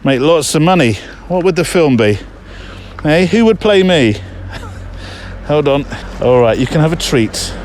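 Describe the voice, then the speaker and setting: A man's voice: fairly high pitch, animated, unhurried, a little mellow, slight background noise. A man hosting his show in a casual, rambling monologue while out on a muddy countryside walk, chatting and joking with his dog between thoughts. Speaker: podcast host.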